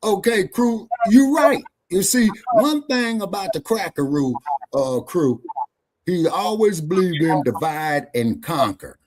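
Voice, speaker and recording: A man's voice: sits high, expressive, measured pace, noisy background. Combative, profane man hosting a stream. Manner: combative, profane, taunting the chat. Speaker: show host. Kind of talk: heated live-stream debate.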